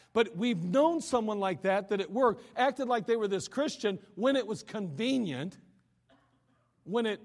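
A man's voice: sits high, long reverb tail. A man preaching a sermon in a conversational way, acting out the voices of people he quotes. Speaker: pastor.

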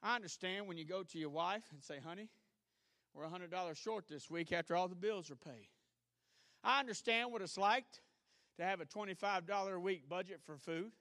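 Bright-voiced Southern preacher man. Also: high voice, a little fast, no room sound, studio quality. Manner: preaching, swings from shouting to hushed storytelling. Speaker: pastor. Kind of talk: sermon. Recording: archived church service.

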